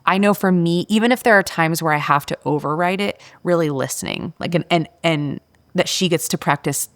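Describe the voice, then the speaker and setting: A woman's voice: fairly low pitch, a little fast. Chatty woman telling a parenting story. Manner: animated, acts out quoted voices, frequent "like" fillers. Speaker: podcast guest. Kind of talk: candid conversational storytelling.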